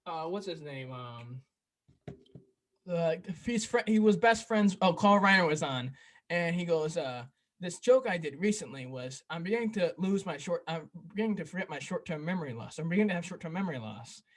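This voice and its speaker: A young man hosting a casual podcast chat, retelling comedy bits with quick impressions and laughter. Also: a little high, lively intonation. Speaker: podcast host.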